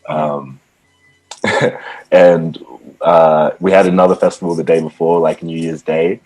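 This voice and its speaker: A man's voice: low-pitched, level tone, measured pace, dark tone, low-quality recording. A young man from Ghana, a musician guest chatting casually in an interview, laid-back and full of "like" and "um" fillers.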